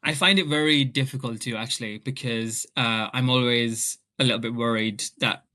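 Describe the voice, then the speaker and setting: Young brit guy telling a story all animated, bright tense voice. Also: mid-range voice, normal speed. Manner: animated, acts out family members in quoted voices. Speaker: author guest. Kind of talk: storytelling in casual chat.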